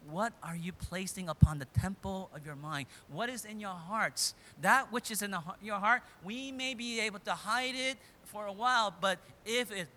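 High-voiced preacher guy, bright tone, dramatic storytelling sermon. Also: a little hiss or hum. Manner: dramatic storytelling, swings between loud and hushed.

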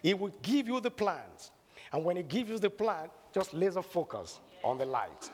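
A fairly high-voiced man preaches with a lively, swooping delivery, telling his story dramatically before rising into loud calls to faith. His voice rings with the long reverb of a large hall. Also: normal speed, a little hiss or hum. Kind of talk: sermon with a personal story.

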